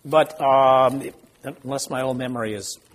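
A man's voice: mid-range voice, fairly even intonation, a little slow. An older man leading an informal Bible study, talking conversationally, quizzing the group and joking about his own memory. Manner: conversational, asks the group questions, self-deprecating.

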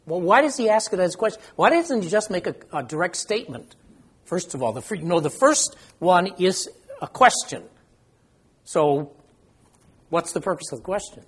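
A husky but high and very animated voice belongs to an older man leading a relaxed Bible study at normal speed. He speaks conversationally, quizzes those gathered, and laughs at his own forgetfulness.

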